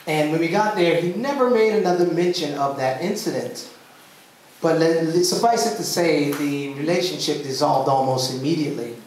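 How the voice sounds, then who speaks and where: A man from the rural US South performing a story at a live poetry slam, with comic timing. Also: fairly high pitch. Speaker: spoken word poet. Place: club venue, indoors. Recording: roomy live venue heard from a distance.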